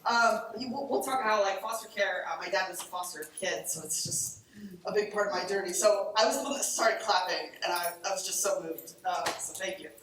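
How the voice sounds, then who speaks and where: A woman from Cleveland giving an energetic, chatty conference talk on a lapel mic in a large lecture hall. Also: lowish voice, fairly quick. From Cleveland, Ohio. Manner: animated, chatty, acts out quoted friends. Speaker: conference speaker. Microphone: collar lapel mic. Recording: very echoey hall, distant mic.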